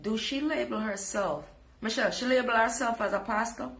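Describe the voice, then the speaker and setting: A woman's voice: on the high side, a little fast, a bit bright, roomy sound. A woman with a Jamaican accent, scolding and preaching in a sassy live reaction rant. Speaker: social media commentator.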